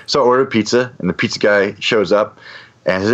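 A man's voice: fairly low pitch, a little fast, fairly bright tone, muffled recording. A man casually telling a long anecdote, rambling with frequent restarts and fillers. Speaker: guest storyteller.

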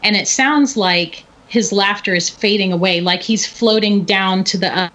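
A middle-aged woman telling a story in casual chat, animated and often laughing. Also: mid-range voice, normal speed. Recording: dull lo-fi recording.

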